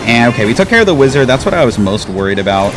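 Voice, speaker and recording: A man's voice: mid-range voice, sing-song, rapid-fire. A man giving casual, chatty commentary over his own gameplay, with a laid-back manner and lots of "like". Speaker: gaming YouTuber. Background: game music.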